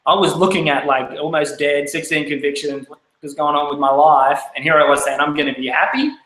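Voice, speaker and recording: A man in his thirties with an Australian accent telling his life story, candid and lively as he acts out his younger self. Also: fairly high pitch, a little fast, roomy sound, rough recording. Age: 30s. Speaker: speaker. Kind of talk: personal life story talk.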